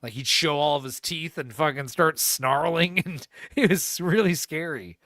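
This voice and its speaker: Recorded dry and at studio quality, this young male podcast co-host tells stories in a loose, foul-mouthed, meandering way, breaking into laughter and acting out what people said. His slightly high, fairly bright voice keeps a normal speed.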